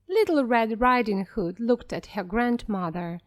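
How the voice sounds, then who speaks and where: Slow, clear woman reading a story. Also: a little high, lively intonation. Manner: clear and deliberate. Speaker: narrator. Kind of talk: slow storybook narration for English learners.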